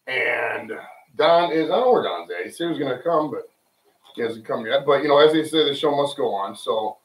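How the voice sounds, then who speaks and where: A man hosts a casual livestream from a home room with friends, rambling, joking off the cuff, and swearing plenty. His medium-pitched voice has lively intonation and a slightly fast pace. The mic sits at a distance, giving a roomy sound with a little hiss or hum.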